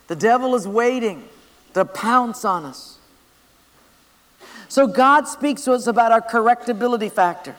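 A man's voice: sits high, a bit bright. A man preaching a sermon, telling stories and driving his points home emphatically. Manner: storytelling, emphatic. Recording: long hall reverb.

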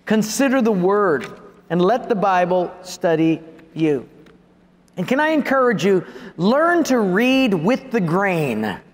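A male pastor preaches with animated energy, sometimes lowering his voice to act out a quiet prayer. His voice sits a little high for a man. The sound carries the long reverb of a large hall. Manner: animated preaching, acting out prayers to God in a softer voice. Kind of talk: sermon.

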